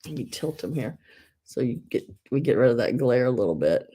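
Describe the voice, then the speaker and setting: A woman's voice: a bass voice, sing-song, a little fast, dark tone, breathy edge. A woman hosting a live online sale, chatting casually, giggling often and restarting her sentences.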